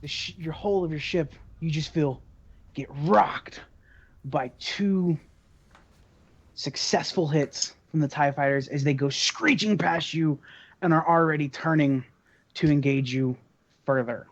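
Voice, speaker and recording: A man's voice: on the high side, unhurried. A man narrating as game master of a tabletop game, in loose, hesitant speech full of fillers. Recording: dull lo-fi recording.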